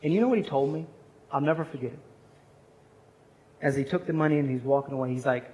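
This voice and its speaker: Speaking fast but pausing often, a man in his forties tells a personal story during a chapel sermon, imitating the voices of those in it. His medium-pitched voice is a little mellow, and the recording is rough.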